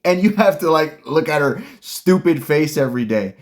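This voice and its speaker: A man's voice: fairly high pitch, expressive, moderate pace. A man hosting a casual commentary, ranting bluntly and heatedly with lots of slang. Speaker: commentary host.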